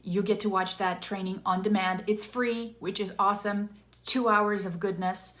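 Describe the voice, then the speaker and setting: A woman's voice: medium pitch, moderate pace. A woman in her thirties, an interactive storytelling coach, giving an upbeat, chatty live-streamed talk from a room with some echo. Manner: upbeat, chatty, energetic with bursts of enthusiasm.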